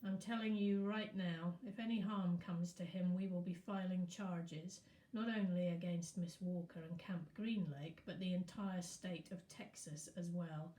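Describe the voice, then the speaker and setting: A woman reading as a sharp, protective female lawyer with a slight Mexican accent, trilling her R's. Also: on the low side, steady tone, unhurried, hardly any pauses, natural voice. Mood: forceful. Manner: snappy, forceful.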